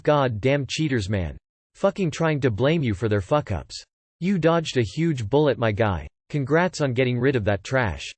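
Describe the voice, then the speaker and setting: A man narrating online forum posts aloud in a steady, scripted reading style. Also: medium pitch, dry recording.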